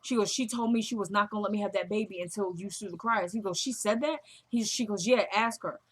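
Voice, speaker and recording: A woman casually recapping a TV drama episode, retelling scenes as quoted dialogue with a chatty, animated delivery. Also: mid-range voice, fast talker, husky. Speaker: show recap vlogger.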